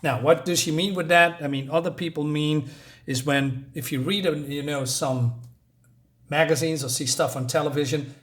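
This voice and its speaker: A man reading a comic book aloud and reviewing it in a casual, rambling way. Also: on the high side. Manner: rambling, with frequent ums and restarts.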